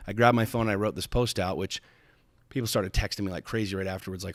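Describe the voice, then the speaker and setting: On a podcast, a low-voiced host tells a personal story with intensity and emphasis, swearing freely and stumbling over repeated starts. He talks fast with fairly even intonation. The recording is dry and close, with no room sound.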